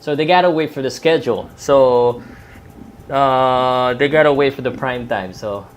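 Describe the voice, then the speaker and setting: A man's voice: mid-range voice, a little slow, slight background noise. Chatty Filipino man, boxing talk. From Philippines. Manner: chatty, rambling, with many fillers and restarts. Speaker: boxing commentator. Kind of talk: live fight-night talk.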